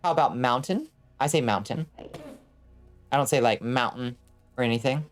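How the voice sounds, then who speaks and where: Her voice is extremely low and expressive, moving a little fast over faint background music. This vtuber streamer from Georgia, Southern accent and all, talks loosely with her chat as she games, responding aloud and toying with how words are pronounced.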